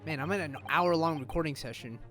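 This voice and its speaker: A man doing casual let's play commentary, excitable and swearing, with a voice that is going hoarse. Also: on the high side, fairly quick. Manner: excitable, swearing, laughs at himself. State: losing his voice. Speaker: let's play gamer voicing game dialogue. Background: game music.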